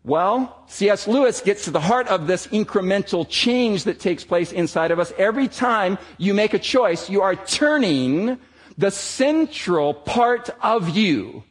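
A man preaching a sermon to a gathered audience, emphatic and slowing down on his key words. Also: high-pitched, animated.

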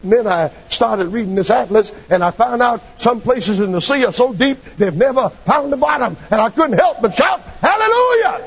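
A man's voice: very high voice, expressive, normal speed, vocal fry, few pauses, slightly rough, highs cut off, exaggerated voice. Preacher voicing a joyful humble old father. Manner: overjoyed apologetic exclaiming.

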